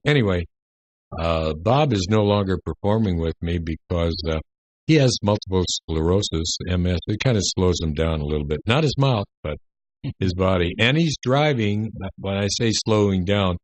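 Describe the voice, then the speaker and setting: Deep-voiced older man telling stories. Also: expressive, no echo. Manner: rambling anecdotes with many "uh" pauses. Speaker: guest entertainer. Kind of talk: casual radio interview.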